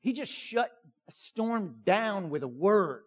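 A man's voice: high-pitched, expressive, slow pace, slightly rough, highs cut off. A man preaching a sermon as a pastor, emphatic and conversational, with many fillers.

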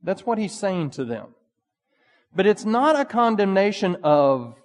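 Man, pastor, sermon, conversational, animated, reverberant hall. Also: sits high, unhurried. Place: church sanctuary. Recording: long reverb of a church hall.

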